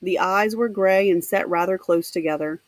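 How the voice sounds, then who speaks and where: A woman teacher reading a novel aloud for her students, pausing to explain with casual asides. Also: lowish voice, no echo. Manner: pauses to explain to students, with fillers. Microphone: home computer mic.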